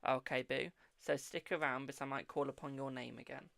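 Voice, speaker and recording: Man, psychic reader host, chatty and affectionate, gravelly voice, dry close sound. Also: mid-range voice, steady tone, brisk, a bit bright, dry recording. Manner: chatty, affectionate, calls viewers boo and darling. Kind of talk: live-stream reading chat.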